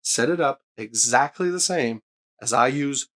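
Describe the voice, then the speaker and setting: A man's voice: mid-range voice, unhurried. A man hosting his own hi-fi channel, giving an enthusiastic, emphatic speaker review straight to camera. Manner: enthusiastic, emphatic, swears when excited. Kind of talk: excited gear review to camera.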